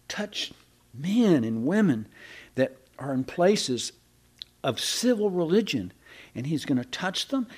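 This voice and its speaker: A man's voice: fairly high pitch, a little mellow. A man preaching a sermon in a folksy, conversational way, often repeating and restarting his words.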